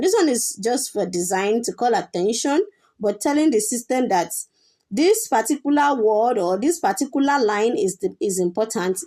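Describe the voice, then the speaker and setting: Woman teaching html, kinda high voice, slow and patient, lots of ums. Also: darkish tone. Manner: patient, explains step by step with fillers and repetition. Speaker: coding teacher. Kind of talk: screen-share coding tutorial.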